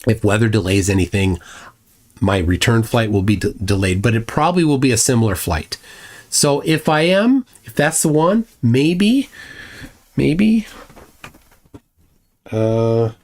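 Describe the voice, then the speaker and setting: A man's voice: on the low side, expressive, normal speed, a little mellow. A man hosting a livestream, blunt and mocking, commenting sarcastically and reading viewer chats aloud with frequent restarts. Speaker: livestream host.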